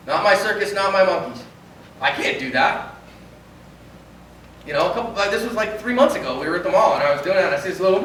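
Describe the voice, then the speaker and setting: A man who is a pastor, giving an animated conference talk and acting out little dialogues. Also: sits high, fast, slight background noise. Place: large conference hall. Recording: echoey hall from far off.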